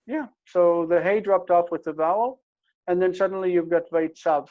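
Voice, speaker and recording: A man teaching a casual Hebrew grammar lesson, explaining step by step and repeating words slowly. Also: high voice. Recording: dull lo-fi recording.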